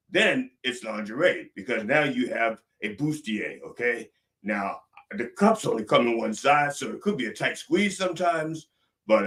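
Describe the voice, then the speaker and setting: A man from northern Maryland with a Maryland accent, hosting a mock sermon and swinging between booming prayers and mumbled asides. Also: a bit bright, distant mic. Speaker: comedic preacher host.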